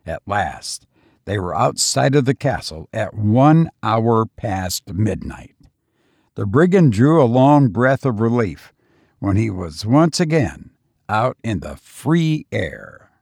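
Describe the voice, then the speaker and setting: Deep, slow male storybook narrator. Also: sing-song, gravelly, a little mellow, breathy edge, dry recording, clean studio sound.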